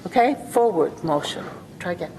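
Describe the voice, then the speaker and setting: A woman's voice: lowish voice, animated, moderate pace, a crowd in the background. A woman improvising a role-play as a career coach, speaking in a coaxing, mock-earnest way. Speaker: workshop co-presenter. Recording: reverberant hall, faint hum.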